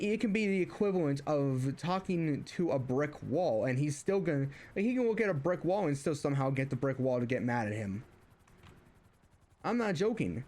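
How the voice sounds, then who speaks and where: A man's voice: a little high, a little mellow. A young man venting in a casual story, rambling with many false starts and fillers. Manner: exasperated, venting. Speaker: streamer.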